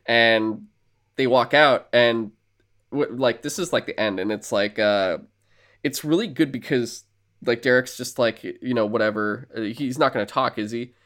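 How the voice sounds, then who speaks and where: A man's voice: medium pitch, moderate pace, a bit bright. A man co-hosting a podcast who recaps a movie in casual, rambling chat, swearing freely and acting out the characters' lines. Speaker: podcast co-host.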